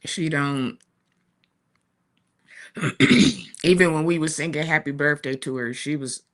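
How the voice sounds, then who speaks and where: A woman in her forties, low-pitched and steady, tells a family story on a talk show at an unhurried pace. Her casual chat is warm and chatty, full of laughs and asides, and it's captured on a streaming studio mic.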